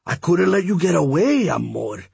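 A man voicing a fond, doting old man, speaking tenderly and slowly. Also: fairly high pitch, big pitch swings, gravelly, a little mellow, husky, dry recording, voice pushed up, exaggerated voice.

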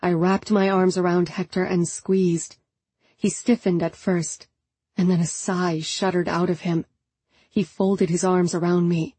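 A woman's voice: fairly low pitch, level tone, unhurried, dark tone, slightly rough, no room sound. A woman narrating an audiobook in the first person with a subdued, introspective delivery.

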